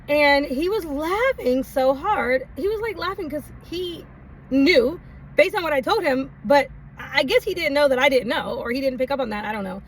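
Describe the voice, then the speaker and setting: A woman telling a personal story in a casual, rambling way, laughing often and using many fillers. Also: high-pitched. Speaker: vlogger. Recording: distant mic, faint background noise.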